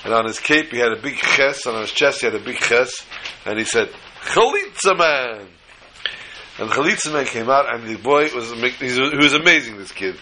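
Older rabbi telling lively stories. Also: male voice, mid-range voice, fairly quick, background noise. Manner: storytelling, with asides and jokes. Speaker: rabbi teaching a class. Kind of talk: Torah class with anecdotes.

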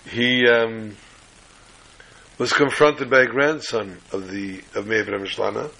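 A man teaching a class over a video call, telling a story slowly and adding corny jokes. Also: medium pitch, gravelly, sharp tone, slightly rough, low-quality recording.

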